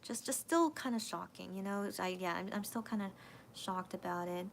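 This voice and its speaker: A woman with a gravelly, medium-pitched voice hosts a casual late-night livestream, reading viewer comments and thinking aloud hesitantly with many restarts. She speaks at a moderate pace, emotional, her voice cracking near tears, with slight background noise.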